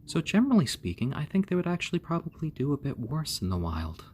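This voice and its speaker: A man hosting a casual live stream, talking gently and fondly to his baby chicks and thanking viewers. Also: a little high, wildly swooping pitch, quick pace, slight background noise. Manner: gentle, doting, talks softly to the chicks.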